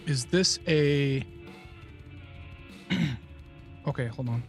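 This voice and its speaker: A man's voice: mid-range voice, drawn-out words, soft background music. A man co-hosting a podcast in casual chat, joking and hesitant while he guesses. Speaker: podcast co-host.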